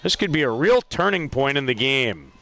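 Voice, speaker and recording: A man calling a softball game play by play, lively, with self-deprecating asides about player names. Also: medium pitch, normal speed. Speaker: play-by-play announcer. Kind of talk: sports commentary.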